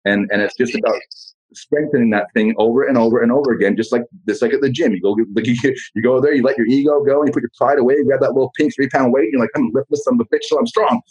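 A man as a podcast guest in casual motivational talk, blunt and profane, telling animated stories. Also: mid-range voice, rapid-fire, slightly rough, dull audio.

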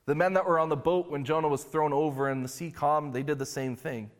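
A male pastor preaching a sermon in a relaxed, conversational storytelling way. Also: fairly high pitch, a little fast. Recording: long hall reverb.

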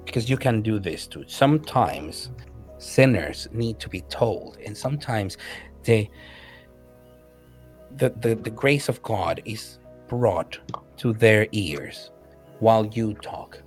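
A man's voice: lowish voice, expressive, slow, soft background music. A man narrating a tabletop game as game master, hesitant and full of fillers.

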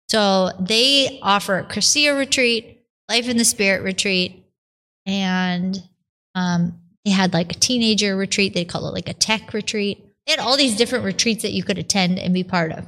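A woman's voice: medium pitch, moderate pace. A religious sister telling her vocation story in a podcast interview, acting out the voices she quotes. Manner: animated storyteller who acts out her own quotes.

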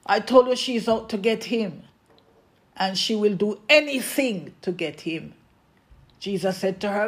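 A preacher in full sermon mode, talking at a slow, deliberate pace. The delivery leans on emphatic repetition and calls out directly to the listeners, with each line given room to land. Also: medium pitch, animated. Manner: emphatic, repeats refrains and addresses the congregation directly.

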